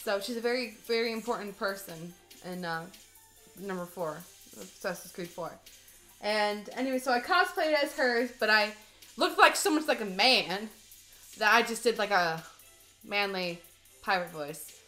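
A woman's voice: medium pitch, expressive, moderate pace, sharp tone, faint music behind. A woman in her thirties chatting casually and bubbly to her live stream while baking at home. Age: 30s. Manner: bubbly, giggly, rambling.

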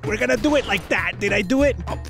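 A man narrates a game in a very high, lively voice that leaps up and down. He is excitable and profane, mixing English with Spanish slang as he jokes through the action. Faint music plays underneath. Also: fast, vocal fry. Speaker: VR gaming YouTuber. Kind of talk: comedic gameplay commentary.

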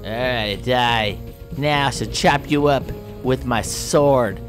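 A man's voice: medium pitch, takes it slowly, over music. A man playing a video game and commenting playfully, taunting his opponent in a theatrical mock-villain manner with old-fashioned phrasing and sound effects. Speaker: gameplay commentator.

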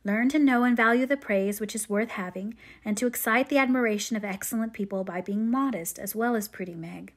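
A woman's voice: fairly high pitch, brisk, hardly any pauses, lightly acted. A woman reading aloud as a wise middle-aged mother advising her daughter. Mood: tender.

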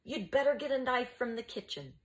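A woman reading aloud, voicing an irritable old male teacher who shouts indignant complaints. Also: on the high side, very animated, brisk, pitched above the performer's own voice. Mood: angry, indignant.

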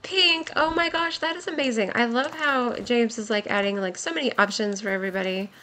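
A young woman giving excited, giggly commentary while playing a game, her voice worn from a long stream. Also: fairly high pitch, fairly quick, slight background noise. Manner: gushing, giggly, exclaims often. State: voice nearly gone, worn.

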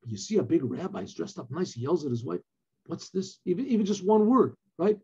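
Man, rabbi, Torah lesson, Hebrew phrases with English explanation, fairly high husky voice, muffled recording. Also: very animated, fast, mellow. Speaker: rabbi teaching a class. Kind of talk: Torah lesson, reading Hebrew text and translating.

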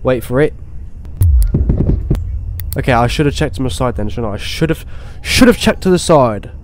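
A young man playing a horror game, talking to himself and swearing, with sudden excited outbursts. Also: medium pitch, normal speed, faint music behind. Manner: swears, talks to himself, swings between muttering and excited outbursts. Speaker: gaming YouTuber. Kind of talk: horror game let's play commentary.

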